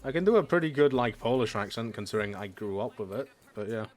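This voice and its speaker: A man's voice: mid-range voice, animated, quick pace. A young adult man with a British-sounding accent, streaming and chatting loosely with viewers, swearing now and then. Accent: British-sounding English. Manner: chatty, loose and profane, answering chat messages. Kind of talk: casual chat with stream viewers while gaming. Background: faint background music.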